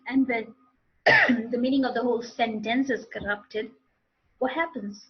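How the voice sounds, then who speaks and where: Female English teacher, fairly high husky voice, lecturing over dull call audio. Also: measured pace. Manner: explanatory, repeats and restarts phrases. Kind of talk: online class lecture.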